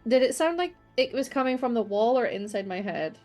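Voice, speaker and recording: A woman's voice: fairly high pitch, expressive, fairly quick, a little mellow. A woman joking her way through a tabletop game session, playful and breaking into laughter often. Faint music plays behind the conversation. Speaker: player. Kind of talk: tabletop game play, casual chat.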